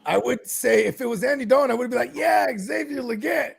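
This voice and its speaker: A man's voice: extremely high pitch, fast talker, gravelly, slight background noise. A man co-hosting a sports podcast, chatting casually and joking around. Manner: joking, animated, puts on voices for bits. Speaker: podcast co-host.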